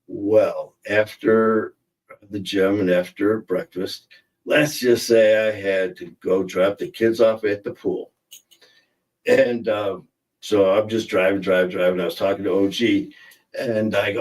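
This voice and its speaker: A man's voice: lowish voice, steady tone, a little slow, far from the mic, low-quality recording. A man hosting a casual livestream, joking and rambling as he reads out viewer comments. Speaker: livestream host. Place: in a car.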